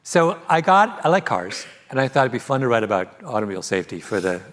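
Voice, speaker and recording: Author on stage, lively storyteller with a very expressive, swinging pitch. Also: male voice, fast. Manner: animated storytelling, laughs often. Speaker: author being interviewed. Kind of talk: live stage conversation. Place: theater stage before an audience.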